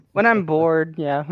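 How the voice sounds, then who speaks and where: A man's voice: high-pitched, dull audio. A man chatting as a guest on a live stream, joking around and laughing a lot. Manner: giggly, laughs often. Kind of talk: casual chat.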